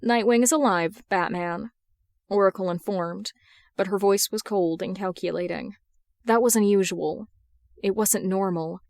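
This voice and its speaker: A woman's voice: medium pitch, a little mellow, no room sound. Woman reading fan fiction aloud, dry close voice. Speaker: podfic reader. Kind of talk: audiobook narration.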